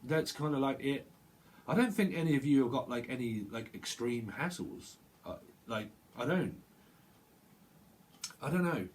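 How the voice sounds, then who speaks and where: A man's voice: medium pitch, lively intonation, measured pace, pauses often. A man giving a casual tarot reading, chatty and rambling, full of fillers and restarts. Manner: acts out little quoted voices, bursts of laughter. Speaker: tarot reader.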